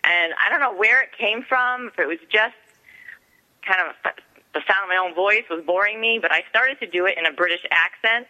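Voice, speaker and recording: A woman's voice: mid-range voice, a little fast, sharp tone, highs cut off. A woman romance author sharing a chatty, self-deprecating anecdote on a radio talk show. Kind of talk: casual anecdote on a radio interview.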